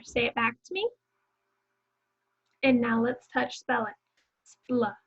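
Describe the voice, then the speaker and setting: A young woman teacher leads a phonics lesson for small children at a very slow, careful pace, stretching out each sound. Her voice sits a little high, and she keeps cheering the children on and having them say words back. The recording is a bit muffled and dull. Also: breathy edge. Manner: encouraging, repeats words for students to echo.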